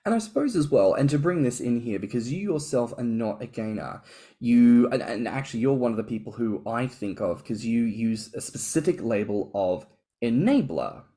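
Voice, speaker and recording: A man co-hosting a podcast, asking a guest a question in a halting, thoughtful way with many restarts. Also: medium pitch, lively intonation, warm tone. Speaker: podcast co-host. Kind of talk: casual podcast interview.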